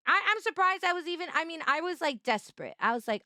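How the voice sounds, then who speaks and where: A young woman streaming casual chat, bubbly and playfully teasing, jumping up high to greet viewers. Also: animated, quick pace, hardly any pauses, pushed and bright, no echo, studio quality. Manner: bubbly, greets chatters with high-pitched squeals.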